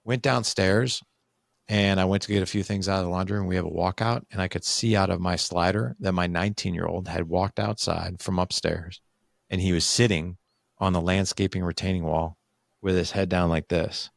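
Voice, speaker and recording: A gravelly, low-pitched man in his forties talks at normal speed as a podcast guest, in a dry, studio-quality recording. He relates a candid family story casually, animating it by acting out the quoted dialogue.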